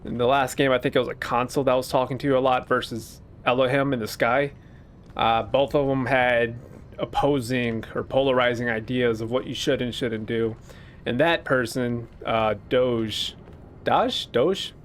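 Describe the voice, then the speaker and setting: A man's voice: medium pitch, little pitch movement, moderate pace, slight background noise. A man casually commentating a video game playthrough, musing and joking at himself. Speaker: gaming YouTuber. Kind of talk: let's play commentary.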